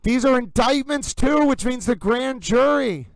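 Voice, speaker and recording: A man hosting a live commentary stream, excitedly reacting in real time and constantly addressing his viewers as "ladies and gentlemen.". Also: very high-pitched, unhurried, vocal fry, dry recording, rough recording. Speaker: livestream host.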